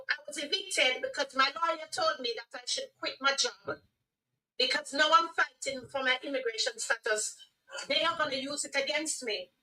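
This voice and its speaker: A middle-aged woman with a Jamaican accent, earnestly telling her life story as a guest, with halting restarts. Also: high-pitched, bright, forceful tone, recorded from a distance, rough recording. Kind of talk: personal testimony on a radio livestream.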